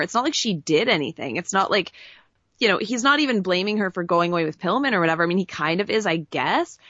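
A woman's voice: medium pitch, fairly bright tone, no room sound, lo-fi sound. A woman co-hosting a podcast in casual chat, giving wry, plainspoken reactions. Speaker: podcast co-host.

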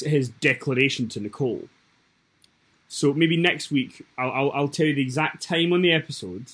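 Male podcast co-host, a little high and breathy, casual halting chatter. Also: a bit bright. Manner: chatty, halting, restarts mid-thought.

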